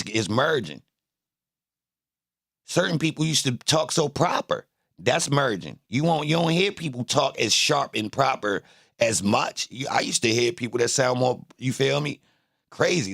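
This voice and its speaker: Gravelly man in loose, profane commentary. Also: mid-range voice, fairly bright tone, no echo, clean studio sound. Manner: loose, emphatic, profane street talk. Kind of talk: casual streamed commentary.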